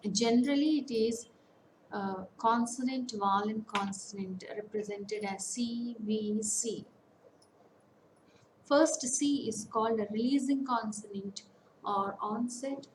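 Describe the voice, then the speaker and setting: A woman giving an online lecture, slowly listing example words one by one with pauses. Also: a little high, echoey room, a little hiss or hum, rough recording. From India. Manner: slow, deliberate, lists words one by one with pauses. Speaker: academic counsellor. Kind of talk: online lecture on English phonetics.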